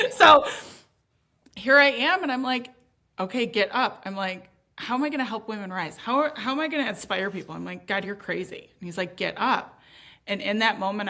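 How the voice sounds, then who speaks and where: A woman in her thirties talks candidly as an interview guest, emphatic and animated, with a swear word here and there. Her voice is bright and clear. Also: mid-range voice. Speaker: podcast guest.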